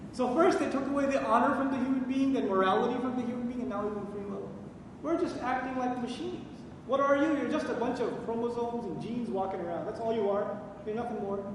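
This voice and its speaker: A man's voice: high voice, a little hiss or hum. A man giving a religious lecture on the Quran, quizzing his listeners with questions and then answering them himself. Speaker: Quran teacher. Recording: echoey hall recording from far off.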